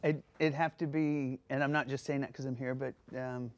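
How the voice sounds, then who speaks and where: A woman guest on a daytime talk show, chatting warmly and getting emotional, often breaking into laughter. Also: rumbling low, steady tone, normal speed. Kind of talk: casual chat. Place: TV studio.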